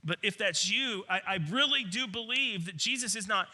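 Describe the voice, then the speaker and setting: A man's voice: high voice, moderate pace, sharp tone. A man preaching a sermon as pastor, earnest and emphatic, often doubling his words as he restarts.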